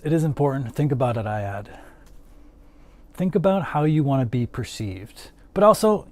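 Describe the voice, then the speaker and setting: Chatty man with a mellow voice. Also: medium pitch. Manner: rambling, chatty, lots of "like" fillers. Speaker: livestream host answering chat. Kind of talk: casual chat.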